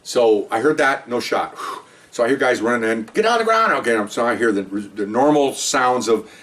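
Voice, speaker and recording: A man's voice: mid-range voice, normal speed. A man, a veteran police officer, telling a story from his career in a rambling way and acting out the quotes. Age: older. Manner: rambling, animated retelling with acted-out quotes. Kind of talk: casual storytelling. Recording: voice a bit far from the mic.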